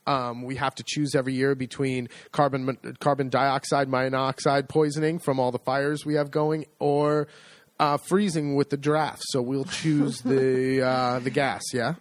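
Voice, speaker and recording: A man's voice: medium pitch, flat delivery, measured pace, no room sound. A middle-aged American man co-hosting a podcast in casual chat, joking in a dry, easygoing way. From United States. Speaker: podcast co-host.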